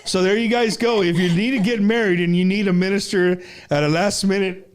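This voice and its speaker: A man's voice: sits high, steady tone, fairly quick. A man hosting a live show, chatting casually with a guest, joking and laughing often as he tells playful stories. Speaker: show host. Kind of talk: casual live interview chat.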